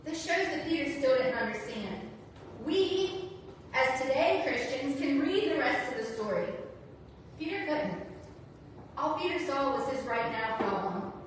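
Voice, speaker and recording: A woman's voice: high voice, animated, measured pace, slight background noise. A woman preaching a sermon in a church, chatty and conversational, acting out the quoted lines of the people she talks about. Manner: conversational, acts out quoted dialogue. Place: church sanctuary. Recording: echoey hall, voice from far off.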